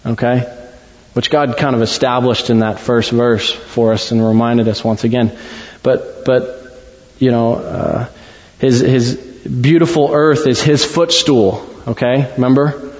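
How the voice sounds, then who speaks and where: A man preaching a sermon in a church, talking in a conversational, halting way with many restarts. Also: medium pitch, steady tone, darkish tone. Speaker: pastor. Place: church sanctuary. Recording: dull sound in a long-echo hall.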